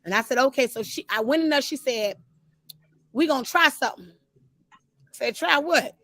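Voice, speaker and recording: High-voiced woman telling her story. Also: moderate pace. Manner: animated storytelling, talks straight to listeners. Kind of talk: casual testimony.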